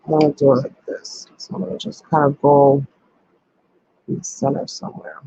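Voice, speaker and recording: Chatty crafter with a dull, dry sound. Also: male voice, a little high, moderate pace, gravelly, warm tone, slightly rough, dry recording. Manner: chatty, thinks aloud with many ums. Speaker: crafting channel host. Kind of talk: casual crafting tutorial.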